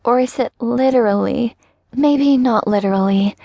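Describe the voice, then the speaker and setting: A woman voicing a chatty, nervous young woman who speaks slowly and keeps sighing. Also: a little high, vocal fry, mellow, dry recording. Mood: gossipy, uneasy. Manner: slow, rambling and sighing.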